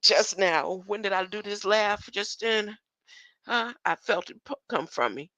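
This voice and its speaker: A woman's voice: medium pitch, unhurried, sharp tone, no room sound. An older woman talking in a rambling monologue, often stopping to ask "huh?" and chuckling between thoughts. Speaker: online commentator.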